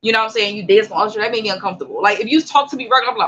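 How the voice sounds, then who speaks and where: A podcast co-host in casual chat, frank and opinionated, chiming in with quick agreement. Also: mid-range voice, pushed and bright, lo-fi sound.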